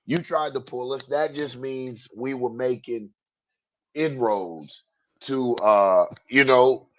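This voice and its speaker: A man's voice: medium pitch, takes it slowly, dull audio, a little hiss or hum. Man telling stories in casual talk. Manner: storytelling, digressive, animated when recounting. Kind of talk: casual political chat.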